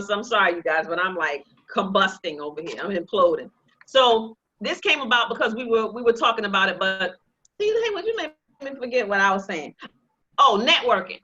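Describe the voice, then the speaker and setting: A woman with a high, bright, ringing voice teaches a real estate investing class. She mixes jokes with a sales pitch in a lively way, and the sound is dull and lo-fi. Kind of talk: live online class presentation.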